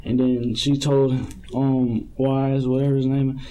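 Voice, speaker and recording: A man's voice: medium pitch, little pitch movement, unhurried, warm tone, rough recording. A man being questioned by police, rambling and hesitant, often repeating himself. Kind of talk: police interrogation.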